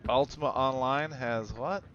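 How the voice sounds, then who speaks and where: A man's voice: mid-range voice, a little slow, fairly bright tone, dull audio, slight background noise. A man casually commenting while streaming a video game, making offhand jokes at the characters. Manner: joking, offhand.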